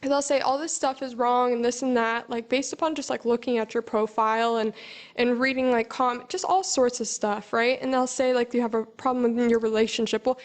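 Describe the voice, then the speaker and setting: A woman's voice: fairly high pitch, fairly even intonation, normal speed. A woman guest in a casual chat, telling a story in a chatty way with lots of fillers.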